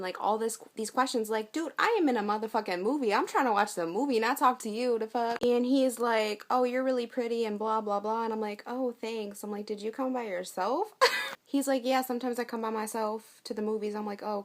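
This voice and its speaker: A young woman with a slightly high voice tells her own stories for a casual vlog. She talks bluntly and swears freely, acting out her side of each exchange as she goes. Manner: blunt, profane, with acted-out quotes. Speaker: vlogger.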